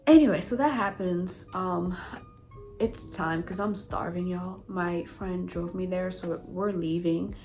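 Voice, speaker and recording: A woman vlogger recounting a story to her viewers in a chatty, animated way, full of fillers and asides to the audience. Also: lowish voice, a little slow, music in the background, poor audio. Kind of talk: storytime vlog.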